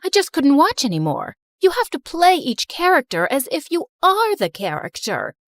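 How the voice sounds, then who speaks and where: A woman's voice: sits high, huge pitch swings, normal speed, no room sound, pitched above the performer's own voice. A woman doing a theatrical, vain actress mom. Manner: theatrical, self-absorbed. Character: dramatic vain former-actress mother, middle-aged. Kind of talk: animated story narration.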